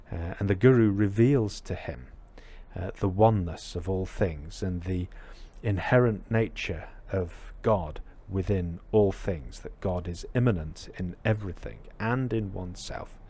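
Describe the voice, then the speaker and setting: A man giving a reflective dharma talk, telling a parable with many pauses and fillers. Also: deep voice, mellow, husky. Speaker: Buddhist teacher.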